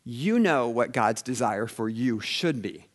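Male pastor, sermon, very lively pitch, loud emphatic peaks, hushed asides. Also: measured pace, breathy edge.

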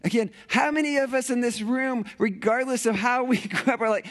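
A man preaching a conversational sermon in a church sanctuary, animated and playful with rhetorical questions. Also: very high voice, moderate pace, hardly any pauses. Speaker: pastor.

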